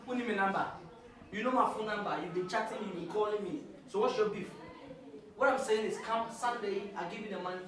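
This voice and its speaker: An actor with a Ghanaian accent playing a man who chases girls, talking loud, pleading pidgin in a comedy skit. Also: high-pitched, quick pace, close to an everyday voice. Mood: coaxing. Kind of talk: low-budget comedy skit, mixing pidgin and Twi. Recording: echoey room from far, crowd behind.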